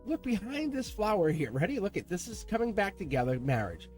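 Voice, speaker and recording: A man giving a casual tarot reading to camera in an animated, rambling way, talking to his cards and laughing now and then. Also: high-pitched, a little fast, soft background music. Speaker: tarot reader.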